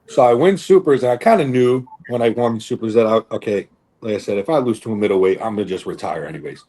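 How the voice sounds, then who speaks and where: A man's voice: lowish voice, animated, fast talker, mellow. Young man rambling through a story. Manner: rambling storytelling full of fillers and swearing. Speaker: podcast co-host, bodybuilder. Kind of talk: casual chat.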